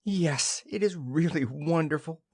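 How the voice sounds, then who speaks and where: A man's voice: fairly high pitch, a little slow, breathy edge, pitched above the performer's own voice. A man voicing a cheerful, chattering young wife in an audiobook play reading.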